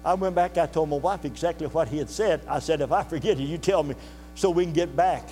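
An older man preaching a sermon to his congregation, telling a story in a folksy, earnest way and pausing to ask the listeners questions. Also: on the high side, mellow. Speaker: pastor. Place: church sanctuary. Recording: reverberant hall with faint mains hum.

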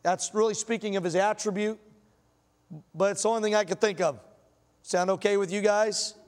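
High-voiced pastor in a reverberant church. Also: male voice, steady tone, normal speed. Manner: folksy storytelling, asks the congregation questions. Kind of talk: sermon. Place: church sanctuary. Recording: long hall reverb.

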